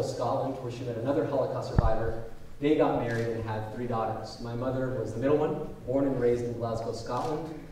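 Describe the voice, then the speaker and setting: A man's voice: mid-range voice, warm tone, a little hiss or hum. A man in his twenties from Ecuador, giving a conversational public lecture full of ums and uhs. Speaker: guest speaker. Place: large university auditorium. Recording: echoey auditorium from far off.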